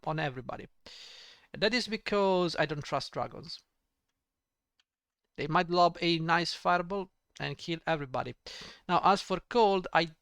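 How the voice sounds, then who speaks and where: A man's voice: fairly high pitch, a bit bright, clean tone, no echo, clean studio sound. Casual, jokey man commenting on gameplay. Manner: casual, jokey, talks to himself. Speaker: let's play host.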